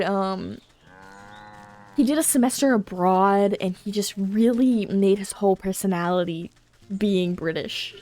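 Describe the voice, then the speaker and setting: A woman's voice: medium pitch, unhurried, a little mellow. A woman streamer giving casual, giggly commentary while playing a game. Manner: giggly, playful, rambling.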